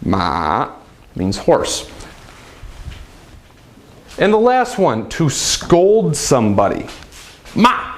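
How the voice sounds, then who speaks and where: A man's voice: a little high, huge pitch swings, slow, pauses often, a little mellow. A man giving a casual, upbeat language lesson, chatty and demonstrating sounds with big swings of his voice. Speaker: language teacher.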